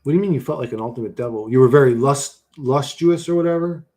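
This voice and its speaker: A man's voice: medium pitch, fast talker, a little mellow. A man hosting a casual livestream, reading chat and answering bluntly with lots of swearing and "bro.".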